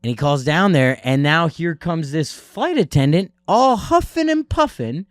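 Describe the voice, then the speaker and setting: A young man co-hosting a comedy podcast, telling a story in an animated way and acting out the people in it. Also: on the high side, normal speed, no room sound, clean studio sound. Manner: animated storyteller, acts out voices in anecdotes. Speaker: podcast co-host. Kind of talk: casual comedic chat.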